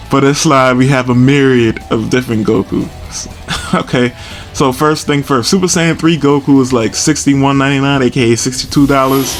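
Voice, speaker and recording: A man hosting a casual collecting video, chatty and self-amused, chuckling often as he talks through prices. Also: medium pitch. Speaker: toy collector video host. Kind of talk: casual product walkthrough.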